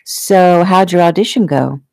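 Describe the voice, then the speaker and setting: A woman reading the part of a gentle, forgetful Irish woman friend in a storybook. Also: on the low side, unhurried, gravelly, no echo.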